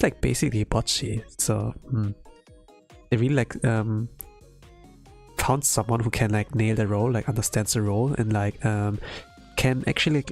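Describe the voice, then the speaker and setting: A man's voice: on the low side, gravelly, a little mellow. A man streaming himself drawing, chatting casually and rambling with lots of "like" and "um" fillers. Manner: rambling, heavy use of "like" and "um". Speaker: art streamer. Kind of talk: casual chat while drawing on a livestream.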